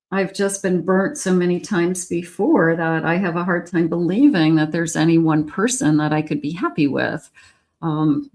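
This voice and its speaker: A woman with a lowish voice gives a relaxed tarot reading. She talks slowly and thinks aloud as she goes, with plenty of "um" and "you know.". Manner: thinking aloud, unhurried, with fillers. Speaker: psychic tarot reader. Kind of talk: casual tarot card reading.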